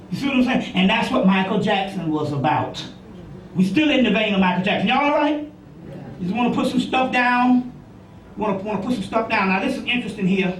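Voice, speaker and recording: A man's voice: very high voice, a little hiss or hum. A man giving a rambling, profane informal lecture to an audience, often asking "you see what I'm saying". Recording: echoey room, voice from far off.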